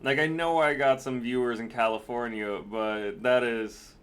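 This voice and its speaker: A man streaming live, chatting casually, excitable, laughing and swearing freely. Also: mid-range voice, moderate pace.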